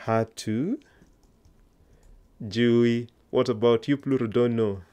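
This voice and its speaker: A man's voice: mid-range voice, fairly even intonation, slow, warm tone, clear, resonant tone. A man teaching an online language lesson, patiently coaxing learners to answer aloud.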